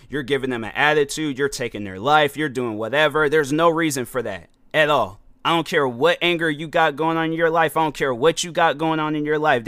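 A man's voice: a little high, fairly bright tone, dry recording, clean studio sound. A man hosting a casual monologue, telling stories with lots of slang and fillers, acting out both sides of conversations. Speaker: podcast host.

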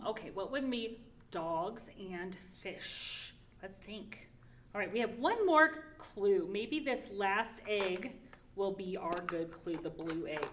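A woman who is a children's librarian leads a toddler storytime in a playful, animated way. She gasps in surprise and drops into hushed asides. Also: on the high side.

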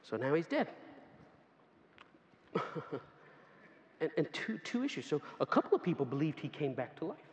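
A man preaching a sermon, telling a lively story and acting out the people in it with bursts of laughter. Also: a little high, moderate pace, pauses often. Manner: animated, laughing storyteller who acts out quoted voices. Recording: dull, echoey hall sound with faint ambience.

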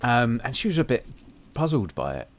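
A man's voice: mid-range voice, very animated, moderate pace. A man hosting a podcast in casual, chatty talk, self-deprecating and full of ums and restarts. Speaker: podcast host.

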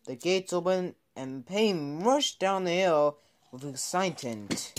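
A man narrating a homemade train story, halting often and restarting his sentences. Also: high-pitched, lively intonation. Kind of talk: improvised toy-train storytelling.

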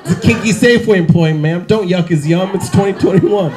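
Wry high-voiced young male comic. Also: brisk, a little mellow. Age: 20s. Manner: wry, self-mocking punchlines. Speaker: stand-up comedian. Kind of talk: outdoor stand-up set. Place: outdoors in the rain. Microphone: handheld stage mic.

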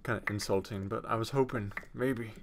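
A young man casually commentating his own gameplay at home on a desktop microphone, rambling and self-mocking with sudden excited outbursts. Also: lowish voice, a little fast, gravelly, noisy background. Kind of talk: casual let's-play commentary. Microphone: desktop USB microphone.

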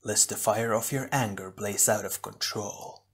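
A menacing masked warrior , as a man puts him on speaks in a sizzling, crackling voice. He taunts slowly and lowly. Audiobook fight scene. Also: husky. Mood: taunting. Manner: slow and taunting.

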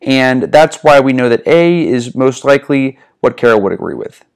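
A test-prep tutor from the American Northeast casually explains a reading practice test step by step, recorded on a desk mic at home. His mid-range voice is expressive, clear and resonant, with vocal fry and a moderate pace.

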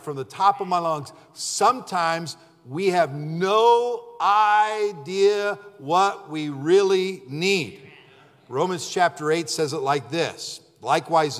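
A male pastor preaches with fervor, his somewhat raised voice ringing with a long reverb through the church. He bursts into shouted, acted-out prayers and then drops back down to a hushed tone. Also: a little high. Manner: fervent preaching, shouting out acted prayers, swinging from loud to quiet. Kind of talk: sermon. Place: church sanctuary.

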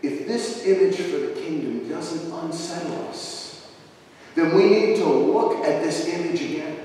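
Male minister, sermon, high voice, dramatic storyteller, echoey church sanctuary heard from far off. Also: measured pace, dark tone, a little hiss or hum.

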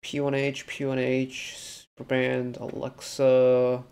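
A man reacting to a music video, picking apart the arrangement in a loose, thinking-aloud ramble. His voice sits at an ordinary middle pitch, and he talks casually with plenty of fillers as he works through his thoughts. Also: monotone, slow pace, darkish tone, clean tone. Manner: analytical, rambling with many fillers. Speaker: K-pop reaction host.

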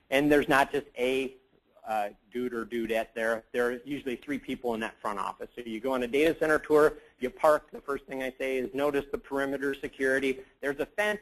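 A man gives a loose, joking conference talk to a room. His voice sits in a mid range for a man. He rambles through asides and fills pauses with frequent "uh" and "um". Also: medium pitch, rough recording. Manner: casual, joking, rambling with many fillers. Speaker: conference presenter.

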